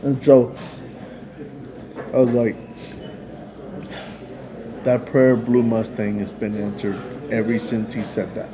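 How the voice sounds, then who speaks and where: A man casually retelling a story in a loose, rambling way, peppered with "man" and "like". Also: medium pitch. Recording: busy crowd chatter behind.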